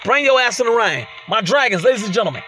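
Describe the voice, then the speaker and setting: A man calls out his game with a very high, piercing, bright voice, trash-talking his rival at full volume. He plays host to his own channel in loud let's-play commentary, and faint music runs underneath. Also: sing-song, quick pace. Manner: loud trash-talking, frequent shouted exclamations.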